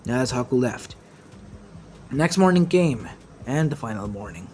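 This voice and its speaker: A man narrating an amateur fan-made story in a halting way, often restarting his phrases. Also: medium pitch, animated, darkish tone, slight background noise.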